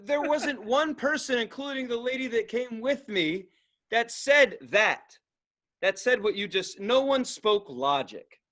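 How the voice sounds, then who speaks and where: A man's voice: very high-pitched, animated, measured pace, a bit bright. A man co-hosting a podcast, telling rambling, profane stories in casual chat and acting out the people he quotes. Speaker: podcast co-host.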